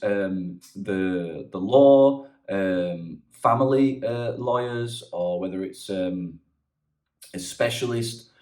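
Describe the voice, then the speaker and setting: A man's voice: medium pitch, darkish tone. A man giving earnest, rambling advice in a casual vlog monologue, often restarting his sentences. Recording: echoey room.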